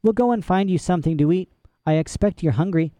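A man reading an audiobook, voicing a brisk, coaxing female nurse. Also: high-pitched, warm tone, clear, resonant tone, dry recording, voice pushed up, close to an everyday voice.

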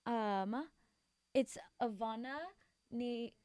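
A woman's voice: on the high side, drawn-out words, a little mellow, no room sound. A young woman hosting a show, telling a story in a chatty, dramatic, giggly way with lots of slang. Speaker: radio host. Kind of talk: casual chat.

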